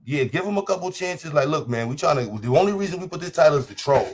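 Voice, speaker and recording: A man with a slightly high, expressive, somewhat mellow voice speaks fast while hosting a casual livestream. Addressing his chat directly, he's blunt, combative and profane, repeating phrases again and again for emphasis.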